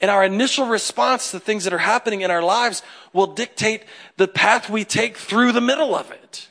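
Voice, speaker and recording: A man's voice: high-pitched, moderate pace, bright, forceful tone. A male pastor giving a humorous, conversational sermon and talking straight to the congregation. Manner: joking, talks straight to the congregation.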